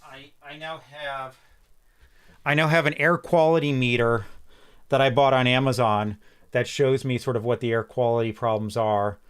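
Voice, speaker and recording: Man, livestream host, relaxed casual chat, smooth resonant voice, lots of ums, home office. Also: mid-range voice, moderate pace. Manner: relaxed, chatty, frequent ums and restarts.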